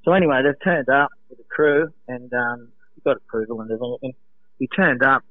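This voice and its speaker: An Australian man calling in to a radio show from home, telling stories in an animated way, laughing often and acting out quotes. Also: mid-range voice, a little fast. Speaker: guest, former lifeguard. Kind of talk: casual storytelling on a radio call. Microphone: phone. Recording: tinny phone line.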